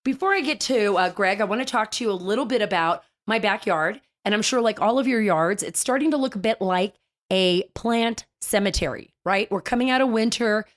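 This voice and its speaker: A woman hosting a casual talk show, chatty and animated, telling stories with big swings in her voice. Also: medium pitch, fairly quick.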